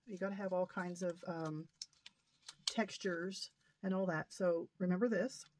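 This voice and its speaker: A woman's voice: fairly low pitch, steady tone, measured pace, a little mellow, a little hiss or hum. A middle-aged woman, rambling folksily through a casual haul video. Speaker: crafting vlogger.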